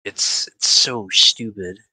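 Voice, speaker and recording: Young man, tabletop player, very bright voice, low pitch, dry close mic, rambling casual chat. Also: slow pace, dry recording, poor audio. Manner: rambling, restarts and profanity.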